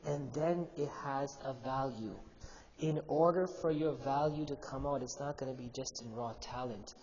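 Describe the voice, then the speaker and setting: A man's voice: mid-range voice, moderate pace, darkish tone. A male imam giving a youth sermon in a mosque hall. He tells a story with animation and asks the audience questions. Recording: dull, echoey hall recording with faint hum.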